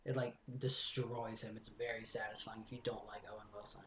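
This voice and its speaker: A man's voice: fairly low pitch, level tone, brisk, a bit bright, echoey room, a little hiss or hum. A man streaming horror games, rambling through jokes and swearing as he plays. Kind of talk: casual game commentary.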